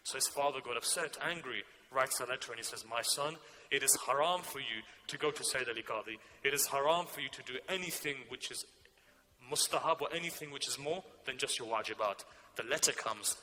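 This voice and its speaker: A man preaching a sermon, telling a story whose quieter passages drop low and soft. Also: brisk.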